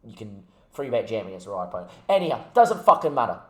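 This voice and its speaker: Ranting, swearing young gamer. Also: male voice, fairly low pitch, big pitch swings, fast talker, reverberant. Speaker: gaming YouTuber. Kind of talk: frustrated gameplay commentary.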